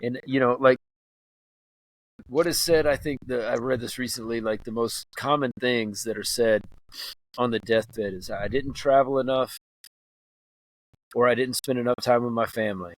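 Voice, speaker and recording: A man's voice: mid-range voice, fairly even intonation, moderate pace, pauses often, rough recording. A man co-hosting a podcast, wrapping up the show with earnest, motivational talk and swearing for emphasis. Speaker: podcast co-host. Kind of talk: casual chat, show wrap-up.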